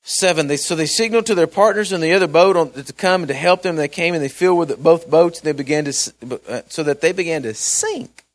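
A man preaching a chatty Bible-study sermon, swinging between loud and hushed. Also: on the high side, fast talker, hardly any pauses, no room sound.

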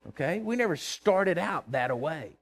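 A man's voice: fairly high pitch, animated, measured pace. A middle-aged man preaching a fervent sermon, calling on the congregation to answer him. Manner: fervent, calls for responses from congregation. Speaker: pastor.

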